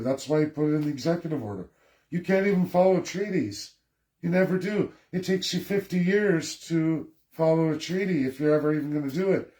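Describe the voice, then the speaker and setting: A man giving a forceful, lecturing political rant straight to his viewers, repeating himself for emphasis. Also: fairly high pitch. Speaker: political commentator. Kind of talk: ranting political livestream. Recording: echoey room.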